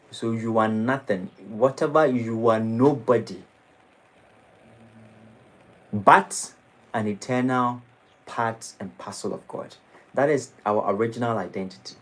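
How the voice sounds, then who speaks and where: A man preaching a sermon in a temple, dramatic and lively. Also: medium pitch, low-quality recording. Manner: dramatic, shifting into mocking acted quotes. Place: temple hall.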